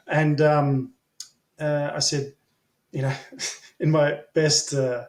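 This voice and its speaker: An Australian man tells long, loose stories, with many fillers and casual swearing. His voice sits fairly high for a man. The sound bounces around an echoey room. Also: little pitch movement, very slow, long pauses. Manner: rambling, filler-heavy, blunt and swearing. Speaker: interview guest. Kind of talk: casual storytelling.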